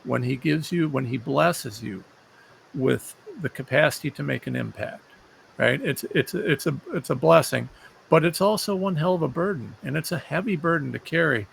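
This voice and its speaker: A man hosting a conversational interview. His voice is heavily gravelly and sits a little high for a man. He speaks earnestly, restarting phrases as he works toward his point. A faint hiss of noise runs under the recording. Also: moderate pace. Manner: earnest, repeats words while searching for them. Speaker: show host.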